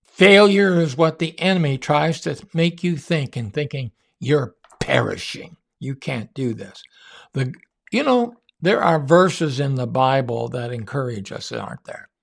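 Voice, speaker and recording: A man giving an earnest, emphatic sermon-style faith teaching, with drawn-out pauses. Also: medium pitch, animated, gravelly.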